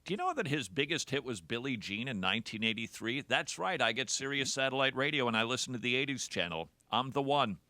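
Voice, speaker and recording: Animated sarcastic male radio host. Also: medium pitch, fast, few pauses, dry recording. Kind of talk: radio talk show monologue.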